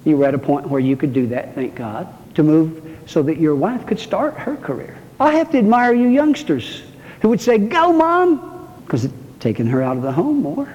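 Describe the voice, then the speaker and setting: A male pastor preaches a sermon in a church sanctuary with a fairly high, warm voice, very animated and at normal speed with hardly any pauses. He's folksy and joking, calling out to his congregation, and the recording is muffled and reverberant.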